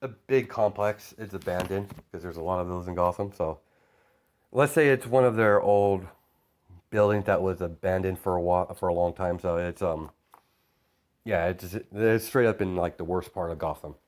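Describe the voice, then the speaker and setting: A man's voice: low-pitched, moderate pace, darkish tone. A man improvising a fan story as a storyteller, rambling with many fillers and self-corrections.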